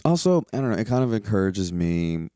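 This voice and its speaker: A man's voice: fairly low pitch, big pitch swings, brisk, mellow, clear, resonant tone, no room sound, clean studio sound. A young man from the United States hosting a solo podcast, talking in a rambling, profane, exasperated way. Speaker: podcast host. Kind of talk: casual solo podcast rant.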